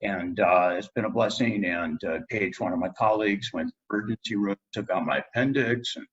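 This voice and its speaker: A middle-aged dentist, appearing as a podcast guest, tells a personal story in a fairly low, slightly rough voice at a fairly quick pace, with the highs cut off. He's an animated storyteller who acts out what people said.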